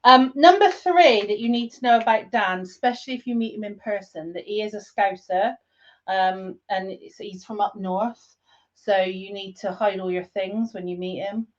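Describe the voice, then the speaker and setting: A woman's voice: mid-range voice, muffled recording. A woman co-hosting a podcast, teasing her partner in a playful, chatty way. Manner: teasing, playful, quick to laugh. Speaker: podcast co-host. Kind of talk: casual chat.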